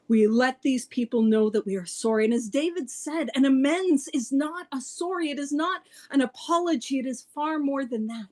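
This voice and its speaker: A woman talking casually about recovery to a meeting, laughing often and poking fun at herself. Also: high voice. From Canada. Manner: laughs often, animated and self-mocking. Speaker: speaker at a twelve-step study meeting.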